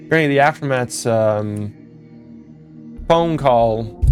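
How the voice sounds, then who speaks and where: Rambling young man over faint music. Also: medium pitch. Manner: rambling, self-correcting, laughs at own jokes. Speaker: fan game developer. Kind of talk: casual commentary over gameplay footage.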